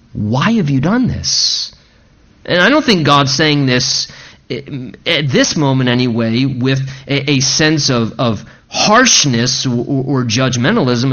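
A man's voice: a little high, fairly bright tone, lo-fi sound. A man preaching a sermon in an earnest manner, asking rising, emphatic questions. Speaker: pastor.

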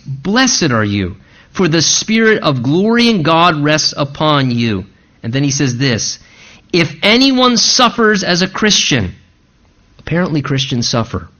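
A man's voice: fairly high pitch, fairly bright tone. Man preaching a sermon, lo-fi sound. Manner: preaching with emphatic repetition and quoted asides. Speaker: pastor.

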